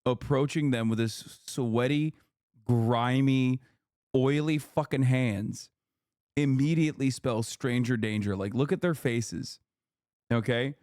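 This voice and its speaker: Profane, outraged streamer, close and dry. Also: male voice, mid-range voice, steady tone, takes it slowly, a little mellow, no echo. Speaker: streamer reacting to a video. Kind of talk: casual livestream commentary. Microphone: close streaming mic.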